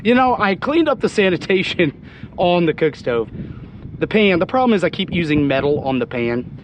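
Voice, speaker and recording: A man hosting a fishing vlog, talking casually while he cleans and cooks fish, hoarse as he loses his voice. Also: high voice, sing-song, moderate pace, slight background noise. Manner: chatty, exclaims often. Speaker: fishing channel host. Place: outdoors on a boat.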